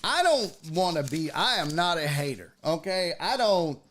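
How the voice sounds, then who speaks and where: A man's voice: on the high side, big pitch swings, normal speed, bright, forceful tone, slight background noise. A man hosting a casual livestream sports talk show, swearing freely as he reads chat comments aloud and answers them.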